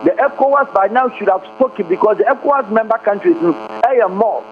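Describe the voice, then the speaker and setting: A man's voice: high voice, brisk. A man giving impassioned political commentary as a radio guest, switching between Twi and English and firing off rhetorical questions. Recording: tinny phone-line radio audio with faint hum.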